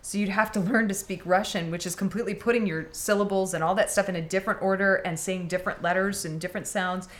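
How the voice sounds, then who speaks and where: A woman from Michigan co-hosting a podcast, chatting casually in an animated, teasing way. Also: medium pitch. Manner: animated, teasing, quick to joke. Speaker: podcast co-host. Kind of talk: casual chat.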